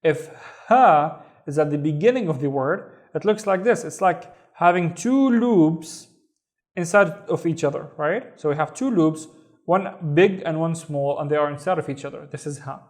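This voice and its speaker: A man with a fairly high voice and a Saudi Arabic accent teaches an online language lesson. He speaks slowly and carefully, repeating each word so learners can practice pronunciation.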